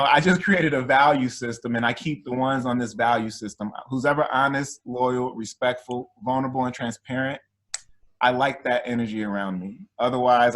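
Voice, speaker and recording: A man speaking as a podcast guest in a casual group discussion, reflective and relaxed. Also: mid-range voice.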